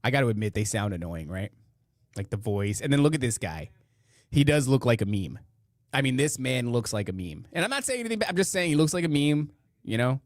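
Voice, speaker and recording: Sarcastic podcast host, dry close sound. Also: male voice, mid-range voice, very animated, a little fast, no room sound. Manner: sarcastic, mocking, rambling asides. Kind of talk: casual commentary over clips.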